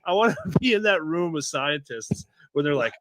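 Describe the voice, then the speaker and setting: A man's voice: fairly high pitch, very animated, normal speed, a bit bright. A man co-hosting a podcast, joking casually and laughing often. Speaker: podcast co-host. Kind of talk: casual comedic chat.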